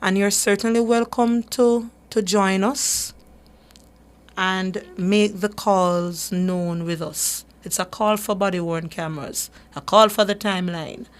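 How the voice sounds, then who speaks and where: A woman's voice: mid-range voice, steady tone, takes it slowly. A woman, a human rights advocate hosting a radio talk show, speaking earnestly and emphatically with frequent restarts. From Jamaica.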